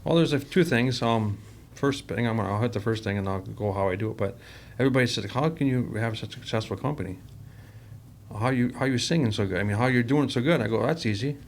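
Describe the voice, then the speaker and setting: A man runs a company and talks about it in a loose, rambling way. He acts out both sides of every conversation he retells. His voice has a gravelly, fry-edged texture, with faint noise in the recording. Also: medium pitch, quick pace. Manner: rambling, acts out quoted dialogue. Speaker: company president, podcast guest. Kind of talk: casual storytelling interview.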